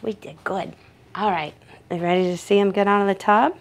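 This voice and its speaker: A woman's voice: mid-range voice, steady tone, brisk. A woman who works as a professional dog groomer, giving a chatty grooming demonstration indoors in her shop and talking both to the dog and to viewers.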